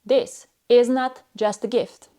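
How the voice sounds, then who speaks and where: A woman with a fairly high voice teaches a language lesson in a stern, scolding tone. She talks down to her students. She delivers short, clipped phrases and pauses between them. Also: fairly even intonation, mellow. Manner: stern, cold and condescending. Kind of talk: scripted lesson narration.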